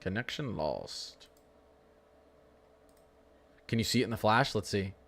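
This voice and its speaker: A man's voice: on the low side, expressive, measured pace, fairly bright tone. A young man hosting a live severe-weather stream, chatting casually and teasing his viewers. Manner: joking, talks to chat, frequent laughs. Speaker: livestream weather host.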